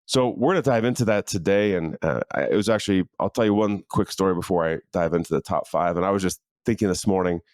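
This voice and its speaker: A man's voice: sits low, fast talker, few pauses, darkish tone, no echo, studio quality. A middle-aged man hosting his own leadership coaching podcast from a home office, talking in an earnest, conversational way with fillers and restarts. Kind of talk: casual motivational monologue. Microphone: studio microphone in a home office.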